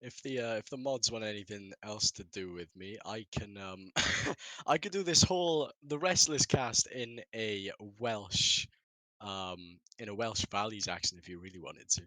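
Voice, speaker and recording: A man's voice: lowish voice, a little slow, bright, forceful tone, no room sound, rough recording. A man casting a live esports stream, rambling and laughing at himself. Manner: rambling, self-mocking, laughs often. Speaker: esports caster.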